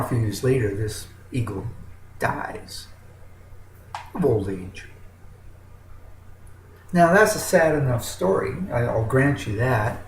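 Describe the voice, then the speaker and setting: A man telling a fable slowly and dramatically, swinging between soft and strong emphasis. His pitch sits in a middle range. The voice rings in a roomy space with faint noise in the background. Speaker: motivational storyteller. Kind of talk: told fable with a moral.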